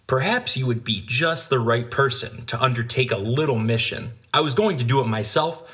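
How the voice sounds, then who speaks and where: A cautious patriot murmuring plans, as a man reads him aloud in a storybook. He keeps his voice hushed and conspiratorial, close to the reader's own tone. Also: mid-range voice, normal speed, lightly acted. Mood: serious. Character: cautious older male patriot schemer.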